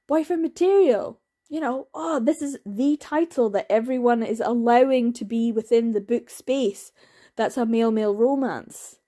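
A woman's voice: a little high, dark tone. A woman giving casual, opinionated book reviews in a chatty, candid way, laughing now and then. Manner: acts out quoted voices, laughs.

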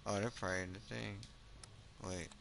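A young man chatting casually while playing a video game, excitable, swearing and muttering at the screen. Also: deep voice, fairly quick, vocal fry, slight background noise. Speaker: streamer. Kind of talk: casual gaming chat.

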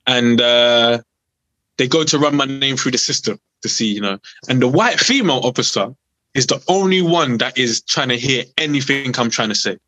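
A man's voice: mid-range voice, normal speed, dry recording, low-quality recording. A young man with a London accent, a podcast guest telling a story casually and acting out the people in it. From South East London. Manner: animated, acts out other voices while telling a story.

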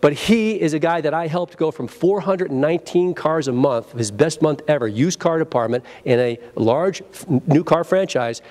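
A man's voice: on the high side, normal speed, few pauses. A man presenting a live sales training seminar at a convention, acting out phone greetings and drawing the room into call-and-response. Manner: energetic, acts out phone greetings, leads audience call-and-response.

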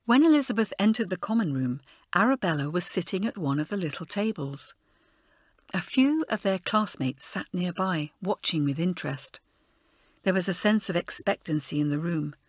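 A woman narrating a children's audiobook with expressive storytelling. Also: on the low side, no echo, studio quality. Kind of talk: scripted narration.

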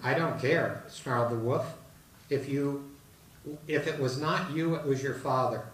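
A man's voice: mid-range voice, a little slow, natural voice. Older guy reading a mean greedy wolf from a fable, sounds far off in an echoey room. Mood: snarling. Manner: read aloud from a storybook fable. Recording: roomy hall, mic at a distance.

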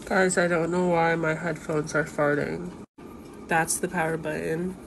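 A woman's voice: low-pitched, flat delivery, measured pace, creaky, slight background noise, poor audio. A woman talking in an amused, exasperated way.

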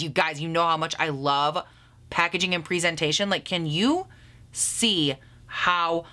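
A woman's voice: lowish voice, bright, forceful tone. A woman beauty vlogger reviewing makeup in a gushing, sassy, chatty way with frequent laughs and gasps.

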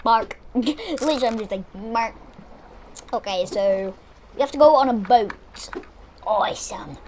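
A woman giving excitable, chatty let's-play commentary, exclaiming as she plays. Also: a little high, moderate pace, slight background noise. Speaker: gamer.

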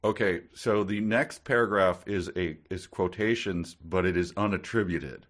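A man with a very deep voice co-hosts a podcast, chatting casually about a book. He sounds dry and incredulous, and pokes fun at the writing. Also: moderate pace. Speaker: podcast co-host. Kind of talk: casual comedic book discussion.

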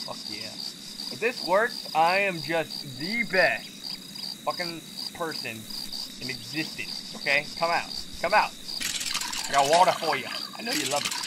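Excitable young man with lively pitch. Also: background noise. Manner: excitable, swears a lot, yelps when startled. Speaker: gaming video host. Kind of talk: let's play commentary.

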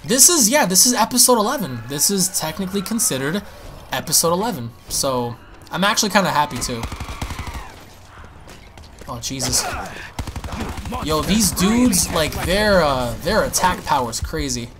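A man giving excitable, profane live commentary while playing a zombie shooter, often repeating his words. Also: fairly high pitch, normal speed, long pauses, background noise. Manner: excitable, swears, exclaims and repeats himself. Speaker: gaming YouTuber.

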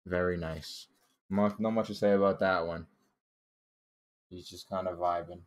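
Young man, low voice, unhurried, laid-back joking commentary with casual swearing. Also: fairly even intonation. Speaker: artist reviewing his childhood drawings.

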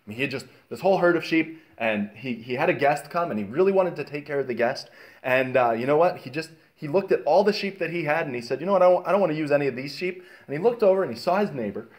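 A man teaching a casual Bible study, telling stories in an animated way with many fillers and restarts. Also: a little high, quick pace.

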